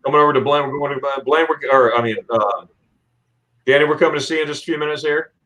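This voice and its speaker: A man's voice: a little high, quick pace, pushed and bright. A man from Florida hosting a casual livestream, reading out viewer comments in a rambling, chatty way with plenty of fillers and restarts. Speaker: livestream host.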